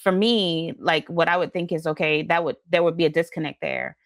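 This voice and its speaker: Low, gravelly woman host. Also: steady tone, brisk, dry recording, studio quality. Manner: thoughtful, searching, rephrases questions as she goes. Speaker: podcast host. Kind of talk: interview questions.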